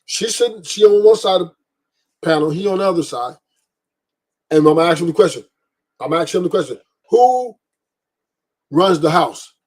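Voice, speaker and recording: A man's voice: fairly high pitch, animated, moderate pace, pauses often. A man hosting a livestream, ranting bluntly with profanity and repeated emphasis. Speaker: podcast host. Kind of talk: livestream commentary rant.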